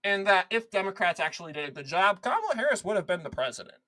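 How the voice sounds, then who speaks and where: Woman, political commentary, opinionated, sarcastic, emphatic, lively swooping pitch, repeats herself for emphasis. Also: fast, rough recording.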